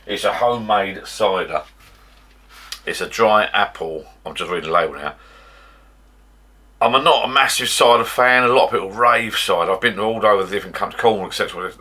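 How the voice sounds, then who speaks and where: A middle-aged British man vlogs from his garden bar shed, chatting casually and rambling with frequent restarts. His voice is on the low side, with a sharp tone and a brisk pace.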